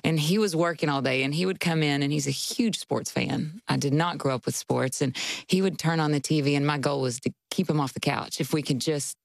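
A woman's voice: low voice, brisk, creaky, dry recording. A woman in her forties, a guest on a talk show, telling her marriage story candidly and expressively with frequent laughter. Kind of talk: conversational interview storytelling.

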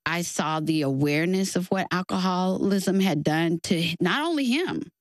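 A woman's voice: fairly low pitch, moderate pace, no echo. A woman from Texas, a guest author in a faith-based conversation, telling stories with feeling and laughing easily. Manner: expressive storyteller, acts out quoted voices, laughs easily.

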